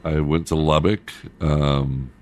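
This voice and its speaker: Middle-aged dude, super deep voice, chatty radio guy swapping stories. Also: flat delivery, takes it slowly, darkish tone. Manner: loose, laughing storyteller. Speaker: radio host and former DJ. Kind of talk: casual chat.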